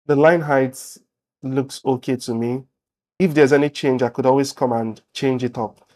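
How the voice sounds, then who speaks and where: A man's voice: medium pitch, moderate pace. Man teaching a coding tutorial. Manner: relaxed, thinking aloud while typing. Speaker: web development instructor. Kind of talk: screen-share coding tutorial.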